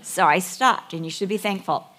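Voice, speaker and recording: A middle-aged woman giving a sermon, telling Bible stories with animated, acted-out dialogue. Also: on the low side, normal speed. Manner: animated storytelling, acting out voices and whispers. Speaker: women's ministry speaker.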